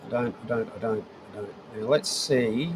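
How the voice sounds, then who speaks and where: A man's voice: mid-range voice, normal speed, noisy background. A middle-aged Australian man casually chatting to viewers on a live stream from his shed, rambling and easygoing while he fiddles with his setup. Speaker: livestream host. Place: home shed.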